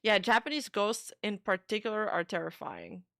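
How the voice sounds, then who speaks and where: A woman's voice: mid-range voice, moderate pace, bright, forceful tone, no room sound, clean studio sound. A young adult woman streamer in casual reaction commentary, chatty, swearing freely and filling her talk with "like.".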